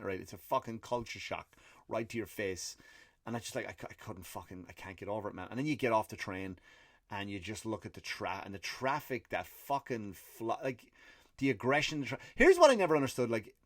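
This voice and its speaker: An Irish man hosting a comedy podcast, telling a story in a profane, animated ranting monologue with acted-out quotes. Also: on the low side, brisk, dry recording, clean studio sound. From Ireland.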